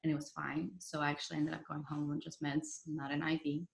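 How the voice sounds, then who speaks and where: A woman's voice: deep voice, level tone, a little fast, gravelly. A young woman telling her story as a podcast guest in a chatty way, full of "like" and "you know". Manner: chatty, many fillers like "like" and "you know", quotes others in dialogue. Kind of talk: casual storytelling interview. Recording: roomy echo.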